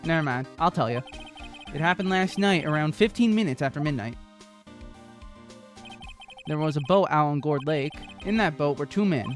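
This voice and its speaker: A streamer voicing a brash, gruff male police detective in a game who keeps calling people "pal". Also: medium pitch, animated, normal speed, pauses often, soft background music, close to an everyday voice. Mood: explaining. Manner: gruff and blustery, says "pal". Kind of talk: voice acting while playing a game.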